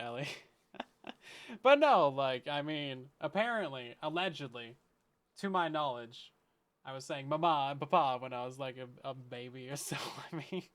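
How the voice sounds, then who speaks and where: A man's voice: fairly high pitch, a bit bright. A man streaming a survival game, chatting casually with viewers in a joking, self-deprecating way and laughing often. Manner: rambling, chatty asides. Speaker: Minecraft streamer. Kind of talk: casual let's-play chat with viewers.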